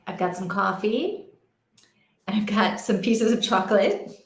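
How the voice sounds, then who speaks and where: A woman's voice: mid-range voice, a little slow. A young adult woman hosting a casual read-along stream from home, chatting in a rambling way and laughing often. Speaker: livestream host. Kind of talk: casual chat. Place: home in Portugal. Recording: roomy echo.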